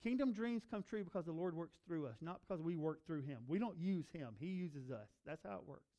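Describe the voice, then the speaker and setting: A man's voice: on the high side, animated, fairly quick, dark tone. A male pastor preaching a sermon, earnest and building to emphatic repeated phrases.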